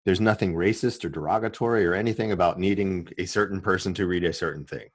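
Deep-voiced man in a dry room. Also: fast talker, no room sound. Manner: relaxed, explanatory, many restarts. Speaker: guest, commercial producer and voice-over artist. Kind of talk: casual interview talk.

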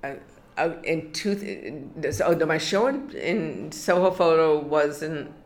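A woman's voice: low-pitched, a little slow. An older woman from New York in an oral history interview, telling her story with many restarts and bits of quoted dialogue.

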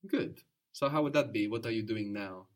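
A man teaching a spoken language lesson, patient and encouraging, explaining slowly and repeating words. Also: on the low side.

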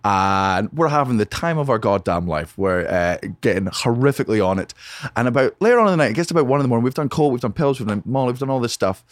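A man, a comedian guest on a podcast, telling a story in a lively, profane, casual way. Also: medium pitch, quick pace, dry recording. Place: home podcast studio.

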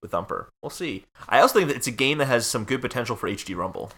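A man with a bright, animated voice gives a short gaming news item on a casual podcast. He muses aloud in a relaxed way. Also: mid-range voice, fast talker. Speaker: podcast co-host.

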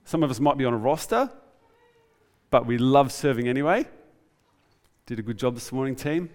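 A man's voice: mid-range voice, moderate pace. Preaching man in a reverberant church. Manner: conversational, animated preaching. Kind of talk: sermon.

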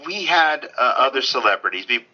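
A man on a convention panel telling a story in a casual, animated way, stammering and restarting often. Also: mid-range voice, brisk. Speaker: convention guest. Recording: dull lo-fi sound.

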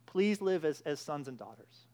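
A man's voice: a little high, expressive, normal speed, warm tone. Emphatic man preaching a sermon. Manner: emphatic, with frequent restarts and "all right".

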